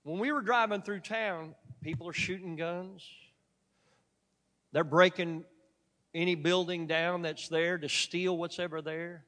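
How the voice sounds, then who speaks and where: A man preaching a sermon, telling a story dramatically and swinging from loud emphatic peaks to quiet asides. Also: sits high, fairly even intonation, measured pace, long reverb tail.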